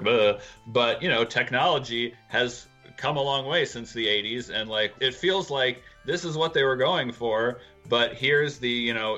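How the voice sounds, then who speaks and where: Guy with a bright voice rambling about a song cover, faint music under it. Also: medium pitch. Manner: rambling, thinks aloud. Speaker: podcast co-host. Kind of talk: casual music review chat.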